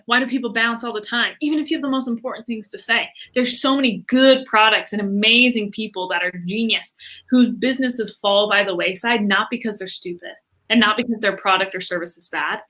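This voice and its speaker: A woman guest in an interview, talking with lots of fillers and acting out other people's reactions in quick quoted voices. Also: a little high. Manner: animated, many fillers, acts out quoted reactions. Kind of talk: enthusiastic interview talk.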